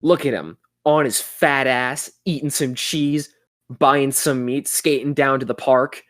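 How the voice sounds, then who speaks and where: A man's voice: medium pitch, a bit bright, dry recording, studio quality, lightly acted. A man doing a 90s skater kid commercial voice. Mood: mock-dramatic. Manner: drawn-out pauses, slow dramatic delivery. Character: goofy teen male skater narrating a 90s commercial. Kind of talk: podcast bit.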